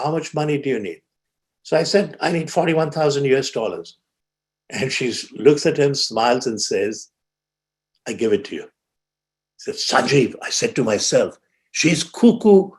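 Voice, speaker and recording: A man speaking at a conference, telling a moving story with dramatic swings in pitch and loudness. He slows down for emphasis and lifts his voice when he quotes others. He has an ordinary mid-range voice. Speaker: symposium speaker. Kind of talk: storytelling keynote speech. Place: conference hall.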